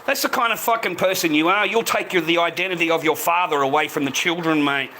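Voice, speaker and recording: A man's voice: a little high, quick pace, bright, forceful tone, a little hiss or hum, poor audio. A middle-aged man ranting angrily on a live stream, swearing and saying "mate" at the end of nearly every line. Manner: swearing, repeats "mate" constantly. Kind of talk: angry live-stream rant.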